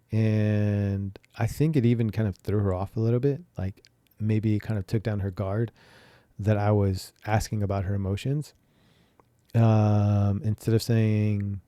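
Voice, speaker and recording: Man, young adult, podcast host, very dark mellow tone, lowish pitch, rambling candid storytelling, fillers, dry close mic. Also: level tone, unhurried, no room sound, highs cut off. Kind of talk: personal reflective storytelling.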